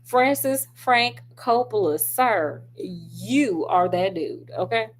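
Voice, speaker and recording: A woman's voice: medium pitch, expressive, slow pace, breathy edge. A woman reviewing a film in a casual, sassy, chatty way. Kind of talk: casual chat.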